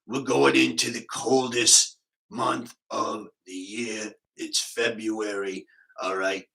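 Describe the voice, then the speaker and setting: A man doing a comic impression of a rambling male conspiracy vlogger with a Boston accent, deadpan and digressive. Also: lowish voice, gravelly, exaggerated voice, poor audio.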